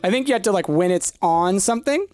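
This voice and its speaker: A man's voice: high-pitched, fast talker, faint music behind. A man casually chatting and joking while streaming a cozy game with a friend, laughing often. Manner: animated, laughs often, jokey. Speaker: let's play streamer. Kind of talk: casual co-op gaming chat.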